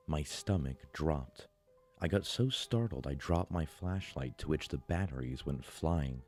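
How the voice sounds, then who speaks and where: Very deep, dark-voiced male horror narrator. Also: expressive, slightly rough, faint music behind. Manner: slow, measured, dramatic pauses.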